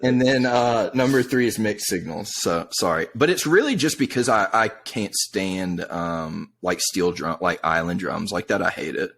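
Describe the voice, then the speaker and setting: A man's voice: low-pitched, animated, moderate pace, creaky, few pauses, fairly bright tone. A young man co-hosting a music review podcast, bluntly mocking songs with swearing and laughter. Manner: blunt, profane, mocking, laughs while talking. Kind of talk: casual chat.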